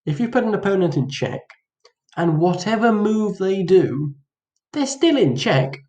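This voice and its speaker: A man's voice: high voice, big pitch swings, a little slow, a little mellow. Playful man teaching chess, echoey room. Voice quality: playful, mock-dramatic, acts out both players. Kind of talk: casual chess lesson. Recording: roomy echo.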